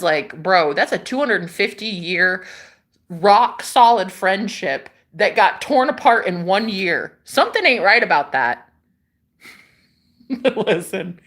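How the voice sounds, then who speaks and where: A woman's voice: mid-range voice, a bit bright. A young woman from the United States who hosts a livestream, chatting casually to viewers about spirituality and life, meandering, swearing freely and laughing often. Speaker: livestream host.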